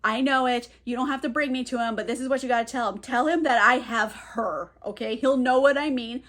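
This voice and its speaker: A woman's voice: on the high side, a little fast, a bit bright, close to an everyday voice. A woman voicing a scheming middle-aged man who craves immortality, talking in a pushy, bargaining way.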